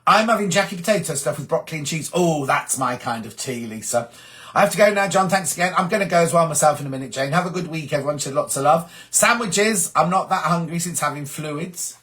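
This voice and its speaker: A man's voice: on the high side, animated, fast, fairly bright tone. A middle-aged man from England chatting casually on a live stream, reading viewers' comments aloud and answering them. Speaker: host of a sewing live stream.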